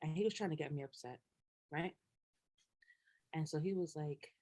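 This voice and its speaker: Young woman co-host, casual chat, animated emphatic ranter who laughs often. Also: low-pitched, normal speed, pauses often. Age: young adult. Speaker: podcast co-host.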